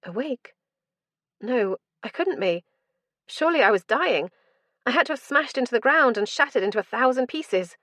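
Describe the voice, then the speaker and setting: A woman's voice: medium pitch, expressive, normal speed, a bit bright, no room sound, clean studio sound. A woman narrating a first-person fantasy audiobook in an intense, dramatic storytelling manner.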